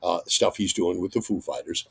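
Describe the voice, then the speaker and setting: A middle-aged man, a radio host, telling an animated story as a guest and breaking into loud acted-out exclamations. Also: deep voice, moderate pace, vocal fry, breathy edge.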